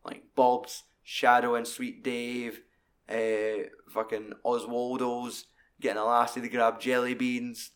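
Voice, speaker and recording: A man's voice: mid-range voice, slow pace. A man in casual film talk, swearing often and acting out lines from scenes. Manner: animated, sweary, acts out quotes.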